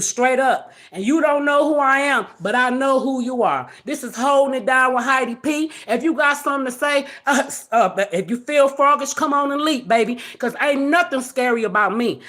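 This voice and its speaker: A woman with a high-pitched voice rants on her own live stream, blunt and confrontational as she scolds someone. She talks straight into her camera in a loose, unscripted way. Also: a bit bright. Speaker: livestream host. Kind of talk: livestream rant. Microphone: phone or webcam on a live stream.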